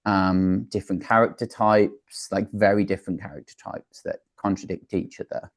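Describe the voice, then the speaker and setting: Male interview guest: earnest industry advice, slightly low voice, dry close sound. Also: fairly even intonation, moderate pace, no echo. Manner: earnest, advisory, with frequent fillers and restarts. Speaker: talent manager and producer, interview guest. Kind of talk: casual interview answers.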